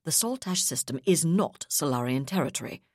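Woman reading as a calm, steely naval captain. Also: deep voice, no echo, studio quality. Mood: resolute. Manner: calm, firm, measured.

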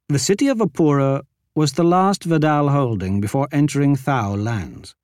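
A man narrating a fantasy audiobook in a lively, expressive reading. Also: on the high side, normal speed, no room sound, clean studio sound.

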